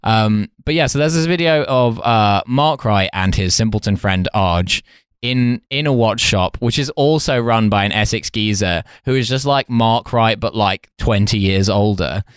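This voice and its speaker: A man's voice: fairly low pitch, normal speed, clean tone, dry recording, studio quality. Wry storytelling man on a podcast. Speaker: podcast co-host. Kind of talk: casual chat.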